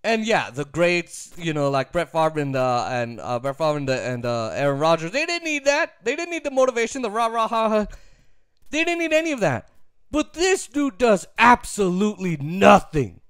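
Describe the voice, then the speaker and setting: A man's voice: high voice, sing-song, moderate pace, fairly bright tone, smooth, no room sound, clean studio sound. A man giving an emphatic, opinionated sports talk rant, repeating his points and laughing easily. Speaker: sports commentator.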